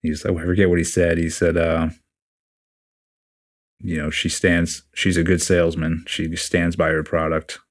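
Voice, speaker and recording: Very deep-voiced blunt man telling a story. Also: unhurried. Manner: blunt, profane, animated retelling with quoted dialogue. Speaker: podcast guest, retiring Navy SEAL chief. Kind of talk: casual storytelling interview.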